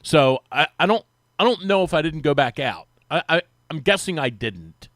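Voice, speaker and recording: Animated man telling a story on air. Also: fairly high pitch, normal speed, no echo. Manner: animated, acts out quotes with rising voice. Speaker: sports radio guest, former team reporter. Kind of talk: casual storytelling chat. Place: radio studio.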